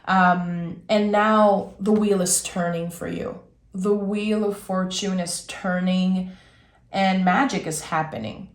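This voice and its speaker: A woman's voice: mid-range voice, steady tone, takes it slowly. Woman tarot reader, frank and rambling delivery, roomy echo on the recording. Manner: earnest, rambling, frank talk. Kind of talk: casual spoken tarot reading.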